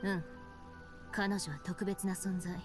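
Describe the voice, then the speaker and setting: A woman's voice: fairly low pitch, fairly even intonation, normal speed, music in the background, close to an everyday voice. An actress voicing an earnest, serious young woman in a video game, talking with urgency and worry. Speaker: game character. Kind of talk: Japanese video game voice acting.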